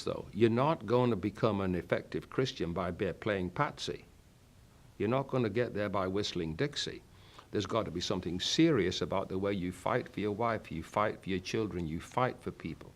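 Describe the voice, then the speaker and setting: An older man preaching a sermon, telling a personal story in an emphatic, fervent way. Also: lowish voice.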